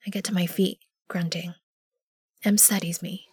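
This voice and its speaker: A woman narrating an audio drama in the first person, measured and often hushed. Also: fairly low pitch, level tone, husky, dry recording, clean studio sound. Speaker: narrator and lead character.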